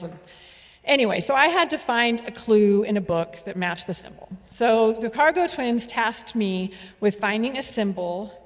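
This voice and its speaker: A woman telling a story on stage, playful and animated, with laughs and asides. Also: medium pitch. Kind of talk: live storytelling performance. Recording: reverberant hall.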